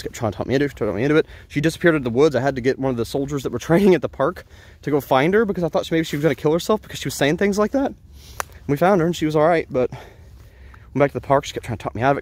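A man's voice: medium pitch, racing, darkish tone, no room sound. Earnest man telling a personal story. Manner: earnest, rambling, with frequent restarts. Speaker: vlogger.

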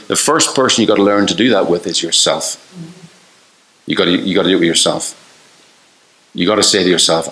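Irish male pastor, lowish voice, earnest conversational sermon, roomy church-hall echo. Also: a bit bright. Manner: earnest, conversational preaching with quick asides.

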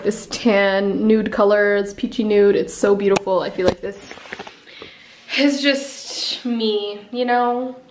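A woman in her twenties with a Canadian accent, chatting casually to camera at home for her vlog, full of giggles and "like" fillers. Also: medium pitch. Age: 20s. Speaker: vlogger. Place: at home in an apartment.

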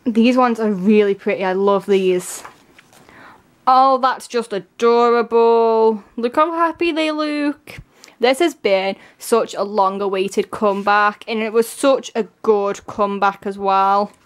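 A woman gushing excitedly through a casual unboxing, her voice strained and giving out. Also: medium pitch, unhurried, smooth. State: voice giving out, coughing. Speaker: K-pop album unboxer.

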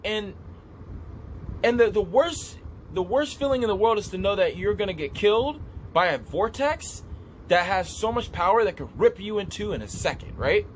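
A man telling a vivid dream story in a casual, animated way, repeating himself as he describes what he saw. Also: sits high, moderate pace, slight background noise. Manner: animated, repetitive, gestures while describing. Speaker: vlogger recounting a dream.

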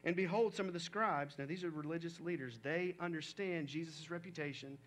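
A man's voice: a little high, fairly quick. A male pastor preaching a sermon in a conversational way, reading scripture aloud and talking it through.

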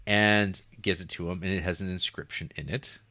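A man co-hosting a film podcast, casually retelling a plot in a rambling, animated way, often acting out quotes and laughing. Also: low voice, moderate pace, dry recording. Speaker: podcast co-host. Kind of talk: casual film review chat.

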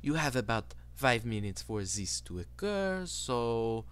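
Man as courteous male parlor attendant, calm and scripted. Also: mid-range voice, measured pace, smooth. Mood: soothing. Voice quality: polite, calm customer-service patter. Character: smooth male attendant of an emotion-removing parlor.

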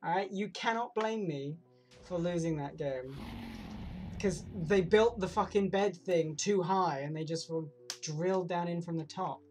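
A woman streaming a video game, reacting out loud, talking to herself and swearing often. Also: lowish voice, unhurried. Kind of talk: live gameplay commentary. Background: game music.

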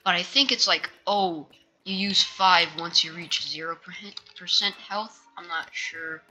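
A woman's voice: on the low side, measured pace, sharp tone, slight background noise. A woman casually commenting while she plays a video game. She rambles, hesitates and restarts her sentences as she loses her words. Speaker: gaming channel host. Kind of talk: casual let's-play commentary.

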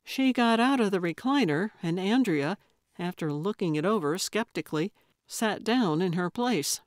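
A woman narrating a cozy mystery audiobook in a measured, wry way. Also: mid-range voice, expressive, dry recording, studio quality. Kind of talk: scripted narration.

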